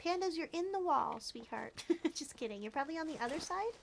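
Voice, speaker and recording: A young woman streaming a game live, chatting warmly with viewers and squealing at near misses. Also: sits high, animated, brisk, gravelly, a little hiss or hum. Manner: bubbly, chatty, greets viewers warmly by name. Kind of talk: live gameplay commentary.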